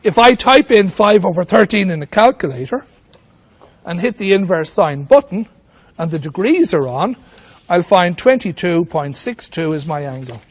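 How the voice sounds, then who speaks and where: A man's voice: high-pitched, sing-song, moderate pace. A man teaching maths at a whiteboard, walking through each step and asking himself questions as he goes. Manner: talks through steps with rhetorical questions. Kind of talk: whiteboard lesson.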